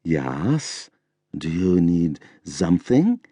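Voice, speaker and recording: A man playing a haughty young waiter, faux accent, affected and lofty, raised pitch, dry audiobook sound. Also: huge pitch swings, takes it slowly, breathy edge, dry recording, heavily acted. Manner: haughty, affected, nose in the air.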